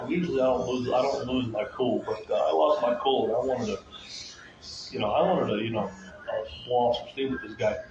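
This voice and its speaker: Male streamer, agitated and rambling monologue; loud background ambience. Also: mid-range voice, noisy background. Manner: repetitive, circling back to the same phrases; agitated, ranting. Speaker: livestreamer talking to viewers. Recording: echoey, muffled, with loud room ambience.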